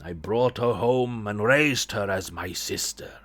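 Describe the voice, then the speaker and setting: A man's voice: on the low side, slow pace, a bit bright. A man reading as a solemn young storyteller.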